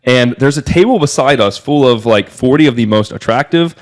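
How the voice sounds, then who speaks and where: A young man from Miami tells a story on a podcast in loose, casual talk. He is excitable and rambling, and fills every pause with "like". His voice sits at an ordinary middle pitch for a man. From Miami, USA. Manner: excitable and rambling, heavy use of filler "like". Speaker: podcast guest telling a story.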